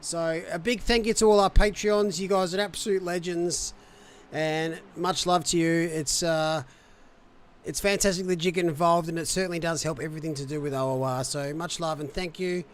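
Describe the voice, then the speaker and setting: A man's voice: fairly high pitch, steady tone, normal speed. A man hosting a sim racing livestream, upbeat and jokey, full of casual slang. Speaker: race broadcast host. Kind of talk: livestream race show hosting.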